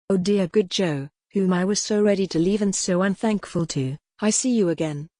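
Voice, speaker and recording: A synthetic woman's voice narrates a classic novel in a steady, machine-read way. Her pitch sits on the low side. The recording is dry and close, with no room sound. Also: no room sound. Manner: even, machine-read delivery. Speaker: audiobook narrator. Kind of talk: synthetic audiobook reading.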